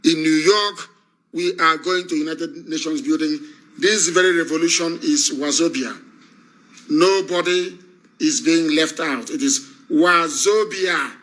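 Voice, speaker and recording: Fiery Nigerian-accented man, high and sharp. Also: measured pace, rough recording. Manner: fiery, repetitive, commanding. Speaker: preacher. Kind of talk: impassioned broadcast address.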